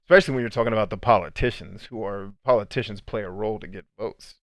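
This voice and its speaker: A man's voice: lowish voice, fast talker, dry recording. A man hosting a motivational podcast, talking bluntly and emphatically with casual profanity and frequent "right?" asides. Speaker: podcast host and coach.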